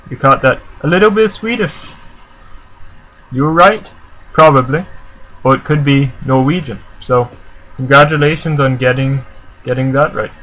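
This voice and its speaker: A vlogger with a Canadian accent and a fairly high, somewhat bright voice talks casually to camera, answering viewer comments. He's chatty and rambling, full of fillers and restarts, and the recording is rough.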